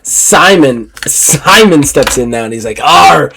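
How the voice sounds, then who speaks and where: A man narrating a tabletop game as game master, animated and quick to laugh. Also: medium pitch, a crowd in the background.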